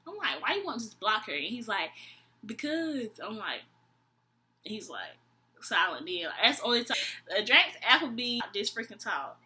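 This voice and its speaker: A woman's voice: mid-range voice, normal speed. A young woman vlogger telling a storytime tale in a slangy, exasperated way, acting out both sides of the conversation. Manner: animated, acts out both sides of the dialogue. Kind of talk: storytime vlog.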